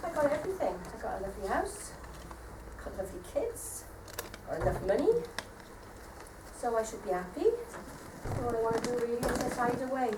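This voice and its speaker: A woman playing a worn-down, tearful mother, speaking softly and hesitantly on a live theatre stage. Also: fairly high pitch, expressive, fairly quick, lightly acted. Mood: weary. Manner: soft, hesitant, self-deprecating. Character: weary depressed mother, tearful and self-doubting. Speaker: amateur stage actor. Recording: echoey theatre stage from far off, faint noise.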